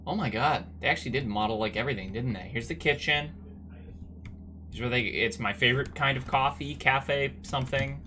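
A man streaming a game with casual, sarcastic commentary that breaks into loud bursts of excitement. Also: mid-range voice, slight background noise.

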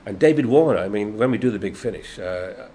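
The setting is a noisy convention room, where an older actor from Yorkshire, England, is interviewed as a guest. His fairly low, fairly quick voice carries a Yorkshire English accent as he tells animated anecdotes, performing the quotes and laughing often.

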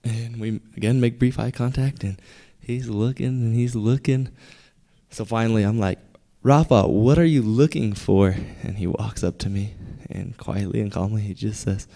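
A young man telling a personal story on stage at a live storytelling event, conversational and building to punchlines with pauses. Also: lowish voice, little pitch movement, vocal fry, dark tone. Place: theater stage.

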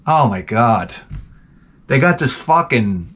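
Animated New guy telling stories. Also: medium pitch, takes it slowly. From New York. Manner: animated, profane, sarcastic asides. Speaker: gaming channel host. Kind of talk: casual rambling storytelling.

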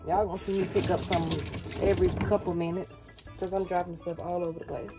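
A woman's voice: fairly low pitch, level tone, fast. A young woman vlogging casually in a small RV kitchen, chatty and playful, talking straight to her viewers. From United States. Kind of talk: casual chatty vlog talk. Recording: music playing under the voice. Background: background music.

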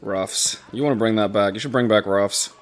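A man co-hosting a let's play, chatting casually and joking around with quick wisecracks. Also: on the low side. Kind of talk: casual gameplay banter.

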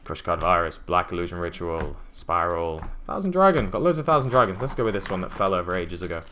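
A man's voice: sits low, very animated, quick pace, sharp tone, slight background noise. A young man chatting casually as he opens card packs, musing aloud with many ums and uhs. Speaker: card-opening YouTuber. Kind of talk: casual unboxing commentary.

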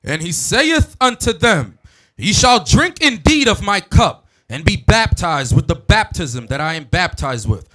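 A man reading Bible verses aloud in a measured, deliberate way. His voice sits high and bright, and its pitch moves in a lively way through each verse. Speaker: scripture reader.

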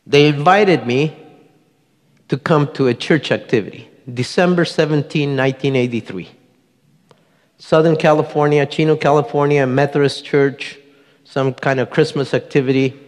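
Speaking at a normal speed in a steady, fairly high voice, a middle-aged church member shares his testimony with the congregation. He's an earnest storyteller who performs the voices he quotes, and the sanctuary adds long hall reverb.

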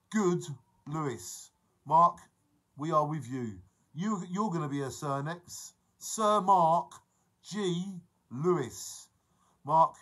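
A man's voice: a little high, bright, forceful tone, a little hiss or hum, low-quality recording. A man, chatting casually and jokily on his live stream and greeting viewers by name. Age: 40s. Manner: chatty, jokey, reads out viewer names.

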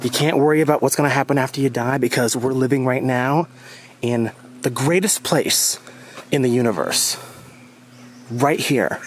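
A young man from the United States chatting excitably to his viewers while walking a rainforest trail at dusk, filmed on a handheld phone. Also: medium pitch, normal speed, pauses often, a little hiss or hum. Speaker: vlogger. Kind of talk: casual vlog walk-and-talk.

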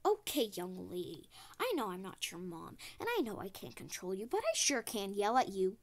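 A woman's voice: mid-range voice, big pitch swings, moderate pace, voice pushed down. A woman voicing a stern mother who scolds firmly, in a game role-play. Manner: firm, scolding.

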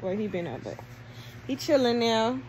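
A woman's voice: fairly high pitch, moderate pace. Chatty young woman vlogging at home. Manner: chatty, slangy, lively, addresses viewers as y'all. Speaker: vlogger, new mother. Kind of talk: casual vlog chat. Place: at home, indoors. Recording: noisy home phone recording.

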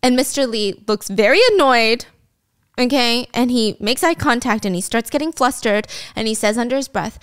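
A woman casually recapping a drama on a podcast, acting out the lines with lively, swearing commentary. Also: a little high, normal speed, smooth.

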